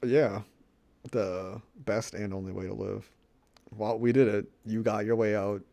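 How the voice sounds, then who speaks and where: A man co-hosting a podcast in casual chat, rambling through stories, laughing often and trailing off quietly. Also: fairly low pitch, fairly even intonation, measured pace, gravelly. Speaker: podcast co-host.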